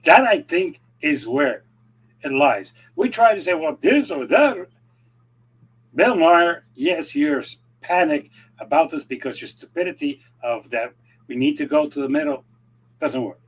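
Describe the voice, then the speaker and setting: A man giving rambling, animated political commentary in casual chat, acting out quoted conversations as he goes. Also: fairly high pitch, normal speed, breathy edge, low-quality recording. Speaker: regular commentator.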